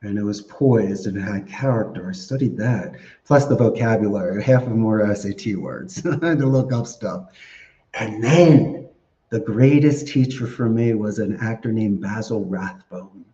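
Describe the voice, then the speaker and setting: A man, a podcast guest giving casual interview answers in an animated, storytelling way and laughing often. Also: fairly low pitch, normal speed. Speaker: podcast guest, call center business owner. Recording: echoey room, dull lo-fi sound.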